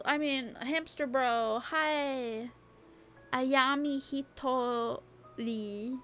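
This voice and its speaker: A woman's voice: fairly high pitch, slow pace, a bit bright, soft background music. A young woman streaming a casual late-night chat, rambling and chatty, peppering her talk with "like" and the odd swear word. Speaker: VTuber streamer.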